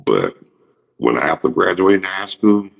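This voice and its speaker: On his own show, a man in his 50s delivers a rambling, jokey, profane monologue in a low, creaky voice with big pitch swings at a moderate pace. The audio is dull and lo-fi.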